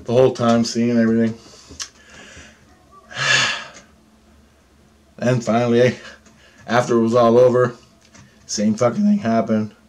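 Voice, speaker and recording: A man telling a story about alien contact, swearing heavily, agitated and animated. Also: medium pitch, a little slow, long pauses. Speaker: self-described alien contactee. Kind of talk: storytelling monologue.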